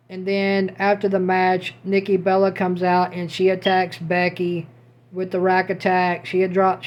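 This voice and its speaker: A man giving a casual spoken recap as a show reviewer, repeating himself and circling back over the same points. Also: high-pitched. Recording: dull lo-fi audio.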